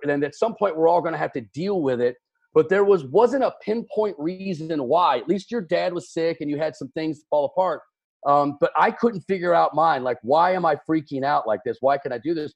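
A man with a Kentucky accent, a radio DJ, talks as a guest over a video call. His voice sits somewhat high for a man, and he talks animatedly, mocking himself and stammering as he restarts. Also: creaky, dull audio. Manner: animated, exclamatory, self-deprecating, stammering restarts. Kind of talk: casual video-call conversation.

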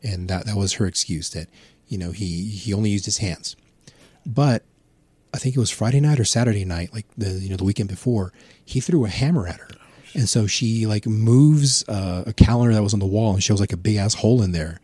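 A middle-aged man with a husky, somewhat low voice tells a rambling, profane story, laughing at his own tale. The recording is dry and close. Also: a little fast, dark tone, dry recording. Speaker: podcast guest. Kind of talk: casual storytelling.

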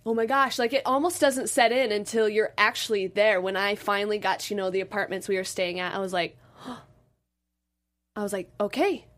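Young female dancer guest, bubbly and animated, everyday pitch. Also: moderate pace. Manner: bubbly, animated storytelling with acted-out quotes. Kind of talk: casual interview.

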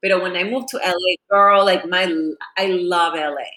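A woman's voice: lowish voice, steady tone, moderate pace, bright, forceful tone. A woman in her late thirties, a TV host and actress, chatting casually as a guest and mixing Spanish into her English. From San Diego, US. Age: late 30s. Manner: chatty, mixes Spanish into English, says "like" often. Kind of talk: casual chat. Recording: roomy echo.

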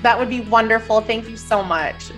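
A woman's voice: fairly high pitch, moderate pace, a bit bright, soft background music. A woman from Minnesota with a light Minnesota accent and a slight cold, giving earnest, encouraging advice as a podcast guest. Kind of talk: casual interview answers.

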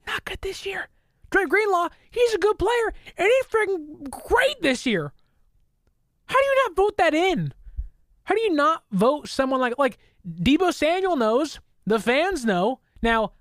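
A woman giving an opinionated sports talk to camera, indignant and animated, slipping into mocking quoted voices. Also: sits high, measured pace, no room sound, clean studio sound. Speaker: sports commentator.

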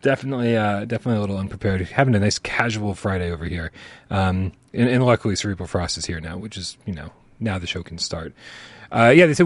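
A man's voice: on the low side, fast talker, dry recording. Self-deprecating man on a dry mic. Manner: rambling, self-deprecating, chuckling. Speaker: podcast co-host. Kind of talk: casual live-stream chat.

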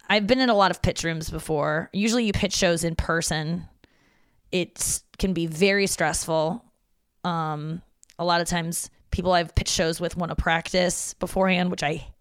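Woman in her 30s, low-ish voice, rambling and swearing, yawny, super dry close mic. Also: clear, resonant tone, no room sound. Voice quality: yawning, meandering and candid, with frequent swearing. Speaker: podcast host. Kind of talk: casual solo monologue.

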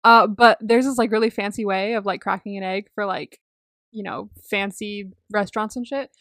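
A young woman co-hosts a podcast in casual conversation, talkative, laughing often and swearing freely. Her medium-pitched voice is fairly bright with fairly even intonation at normal speed, recorded in clean studio sound with no room noise.

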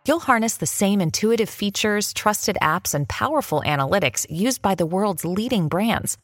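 A woman reading a scripted advertisement in a smooth, even sales delivery. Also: on the low side, no echo, studio quality. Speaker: ad reader. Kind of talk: scripted ad read.

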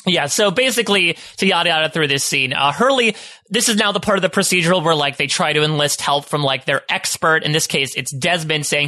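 A man co-hosting a podcast, recapping scenes in a wry, easy, conversational way. His voice is bright and forceful and sits slightly high. The recording is dry. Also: brisk, no echo. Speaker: podcast co-host. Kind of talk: casual chat, recapping episodes.

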